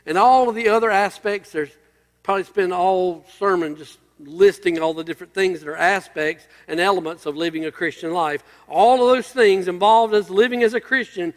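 A man's voice: sits high, normal speed, big-room sound. A male pastor preaching a sermon, emphatic and building through repeated phrases.

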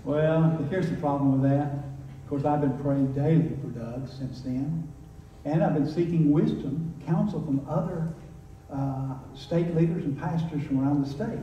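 A man's voice: a little high, measured pace, dark tone, muffled recording, a little hiss or hum. A man with a Southern accent, a pastor speaking plainly and encouragingly to his church. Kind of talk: sermon and church announcements. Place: church sanctuary. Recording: echoey church, distant mic.

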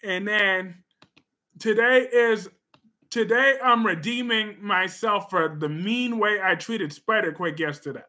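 Guy hosting a chatty livestream, slow and sassy, loud bursts now and then. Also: sits high. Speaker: livestream host reading comments. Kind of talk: casual livestream chat.

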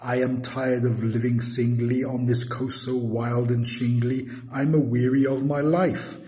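A man's voice: medium pitch, flat delivery, unhurried, warm tone, close to an everyday voice. A man voicing a lonely little male nonsense creature with a big head, in a raised, pleading, sing-song voice. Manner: sing-song verse recital.

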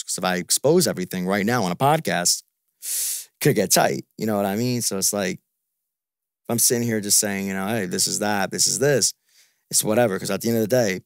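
Man, lowish voice, dry close sound, casual podcast rant, profane and frustrated. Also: vocal fry, no echo. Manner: frustrated, repetitive, profane venting. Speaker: podcast guest.

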